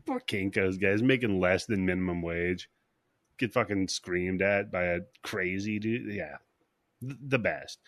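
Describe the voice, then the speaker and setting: Podcast host, man, low voice, dry close sound, chatty scene-by-scene recap with lots of laughs. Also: a little slow, a bit bright, dry recording. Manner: laughs often, acts out scenes in put-on voices. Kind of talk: casual chat, recapping a film.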